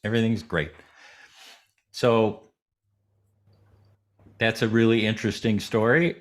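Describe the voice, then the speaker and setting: A man, a guest in an interview, telling a story in a relaxed way and acting out the voices of the people in it. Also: on the low side, a little slow.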